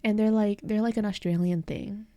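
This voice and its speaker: A woman's voice: mid-range voice, steady tone, normal speed, dark tone, dry recording. An American woman with an Eastern American accent, chatting casually with her live chat as a streamer and giggling often. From United States.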